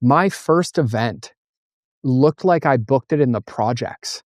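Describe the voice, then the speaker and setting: Middle-aged male interview guest, animated storyteller, mid-pitched voice, dry close sound. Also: slow, no echo. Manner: animated storyteller acting out dialogue. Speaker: guest, entrepreneur and coach. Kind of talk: conversational interview.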